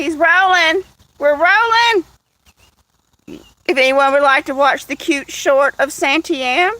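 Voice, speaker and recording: High-voiced woman, casual live chat outdoors, phone mic, coos at cats. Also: pushed and bright, no room sound. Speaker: livestream host. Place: outdoors among cats in the evening.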